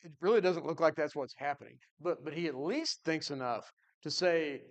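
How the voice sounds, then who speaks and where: A man's voice: a little high, normal speed. A man teaching a Bible class in an earnest, conversational way, thinking aloud and answering his class.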